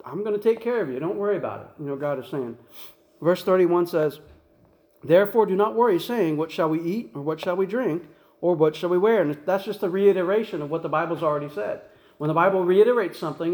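A man's voice: high voice, darkish tone, roomy sound, low-quality recording. A man, preaching a folksy, rambling sermon full of restarts and fillers. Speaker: pastor.

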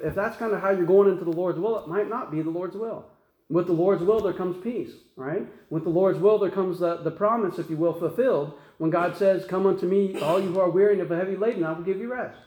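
A man's voice: high-pitched, darkish tone, roomy sound, rough recording. A man, preaching a folksy, rambling sermon full of restarts and fillers. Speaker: pastor.

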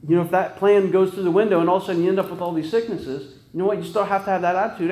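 A man's voice: high-pitched, steady tone, very fast, hardly any pauses, darkish tone. A man preaching an informal sermon, talking conversationally with many restarts and frequent "right?" checks. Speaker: pastor. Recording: echoey room.

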